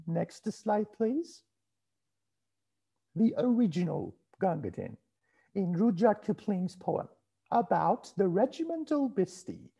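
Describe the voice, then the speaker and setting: A man giving a formal university lecture over a video call, reading his prepared text in a measured way and asking for the next slide. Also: high voice, warm tone, breathy edge. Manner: measured, formal delivery that asks for slide changes.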